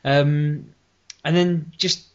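A man's voice: fairly high pitch, little pitch movement, very slow, clean tone. A man hosting a casual podcast chat, telling long rambling stories and often laughing at them himself. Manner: rambling storyteller, laughs at his own stories. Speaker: podcast host. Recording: lo-fi podcast audio.

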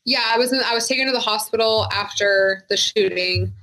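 Bright-voiced woman in a frank interview. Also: mid-range voice, brisk, rough recording. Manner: frank, conversational, with many "like" fillers. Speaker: retired sheriff's deputy, guest. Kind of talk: candid interview conversation.

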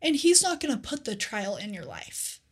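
A young woman co-hosting a faith podcast, telling scripture stories in an earnest, animated casual way with lots of "like.". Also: a little high, normal speed, slightly rough. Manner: earnest, animated storytelling with many "like"s. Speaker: podcast co-host.

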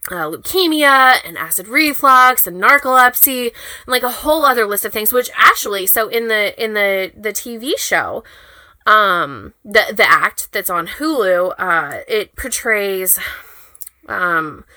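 Woman co-host, bright crisp tone, dry close-miked, rambling casual talker. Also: medium pitch, expressive, measured pace, no echo, low-quality recording. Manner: rambling, swears casually, stumbles over words. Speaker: podcast co-host. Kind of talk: casual chat.

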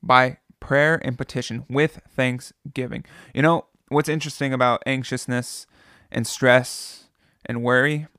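A man's voice: mid-range voice, fairly bright tone, clear, resonant tone, no room sound, clean studio sound. A man in his thirties giving a sermon in an earnest, conversational way, often repeating phrases for emphasis. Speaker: pastor.

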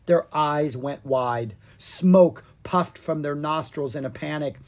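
A reader narrating a children's storybook in a lively, expressive way. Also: mid-range voice, slow pace. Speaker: audiobook reader.

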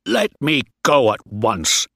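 A man voicing an angry, commanding ship captain who shouts in outrage. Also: mid-range voice, animated, slow, dry recording, clean studio sound, exaggerated voice. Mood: indignant. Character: furious old male ship captain, commanding.

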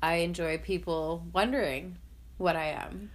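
A woman's voice: lowish voice, steady tone, unhurried. A woman in casual conversation, speaking earnestly and leaning on "like" as a filler. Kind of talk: casual chat.

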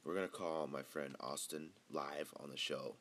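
A man's voice: rumbling low, fairly even intonation, moderate pace, fairly bright tone. A young adult man hosting a casual podcast, rambling loosely and swearing freely. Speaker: podcast host.

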